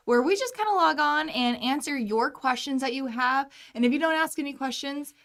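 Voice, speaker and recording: A young woman with a slightly high voice co-hosts a casual live-streamed chat from a small studio. She rambles from one thought to the next, dropping self-deprecating jokes along the way. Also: moderate pace, a bit bright. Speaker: co-host.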